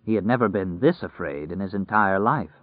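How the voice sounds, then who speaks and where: A man's voice: deep voice, dry recording. Man narrating, tinny and dry. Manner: steady, measured storytelling. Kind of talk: scripted audiobook narration. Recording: dry, tinny phone-like sound.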